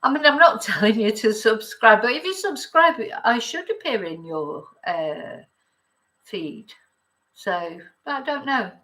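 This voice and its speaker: A middle-aged woman hosts a relaxed live chat. She rambles from thought to thought, greets commenters by name and laughs easily as she talks. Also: on the high side, unhurried, low-quality recording. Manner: chatty and rambling, reads viewer comments, laughs often. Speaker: YouTube chat host. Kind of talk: casual live-chat talk.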